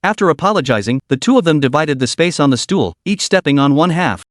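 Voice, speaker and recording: A man's voice: fairly high pitch, animated, fast talker, dry recording, clean studio sound. A man narrating a comic story recap in a scripted storytelling style, voicing every character himself.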